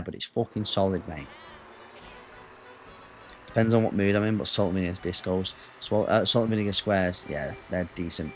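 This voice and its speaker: A man with an English accent chatting casually with his viewers as a gaming streamer, rambling and answering the chat. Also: lowish voice.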